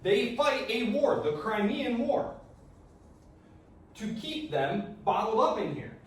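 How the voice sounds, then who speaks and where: A man with a fairly high voice gives a casual, joking history lecture, now and then acting out countries in quick asides. He is recorded from a distance in a very echoey lecture hall, with a faint hum of room noise behind him. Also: very animated. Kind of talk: classroom lecture.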